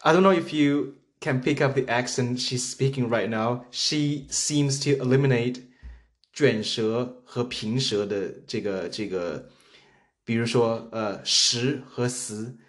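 A man from China whose first language is Chinese, hosting a casual podcast chat with teasing remarks and frequent restarts. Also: mid-range voice. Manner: teasing, halting with many restarts. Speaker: podcast host.

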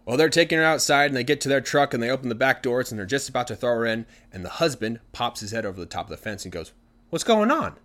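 A man retelling a story for language learners in an animated, conversational way. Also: mid-range voice, very fast, hardly any pauses.

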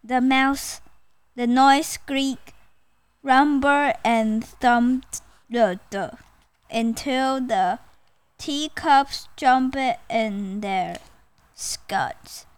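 A woman's voice: high voice, clean tone, no room sound. A young woman whose first language is Mandarin Chinese reads a children's picture book aloud carefully, stumbling and correcting herself now and then. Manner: slow, careful reading with stumbles and self-corrections. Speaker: storyteller.

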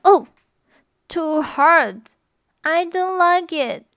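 A woman's voice: very high voice, lively intonation, very slow, fairly bright tone, no echo, studio quality, voice pushed up, heavily acted. A woman voicing a fussy little girl in a storybook reading, complaining in a whiny tone.

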